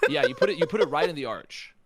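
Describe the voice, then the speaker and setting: A man's voice: fairly high pitch, lively intonation, quick pace. A man teasing a friend in casual chat, incredulous and laughing.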